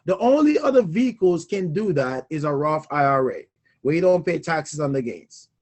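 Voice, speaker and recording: A man's voice: fairly high pitch, very animated, moderate pace, a little mellow. A young man hosting a personal finance talk show, speaking animatedly and emphatically, laughing often and repeating key points. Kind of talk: casual solo talk on money.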